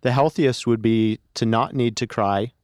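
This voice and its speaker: A man answering questions as a podcast guest in a measured, thoughtful way. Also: medium pitch, no room sound, clean studio sound. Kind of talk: casual podcast chat.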